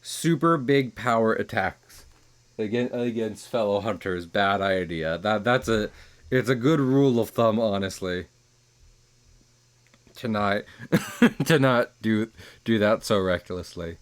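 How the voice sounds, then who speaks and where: A man giving casual, rambling commentary while streaming a game, chuckling at his own jokes and trailing off into quieter asides. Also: lowish voice, slow.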